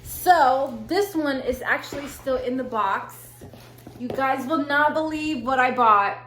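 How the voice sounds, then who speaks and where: A woman's voice: high voice, unhurried, a bit bright. A young woman, gushing and slangy as she unboxes gear in a casual vlog. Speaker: vlogger. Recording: echoey room, faint hiss.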